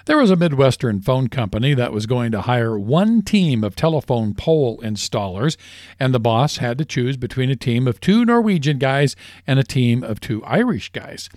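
A man's voice: mid-range voice, normal speed, no echo, clean studio sound. A man co-hosting a short radio program, reading sponsor spots and telling folksy jokes with a chuckle. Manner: lively storyteller, chuckles at his own punchlines. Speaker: radio show co-host.

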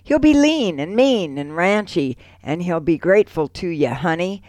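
Lively female radio co-host. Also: lowish voice, moderate pace, dry recording. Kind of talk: radio talk and poem reading.

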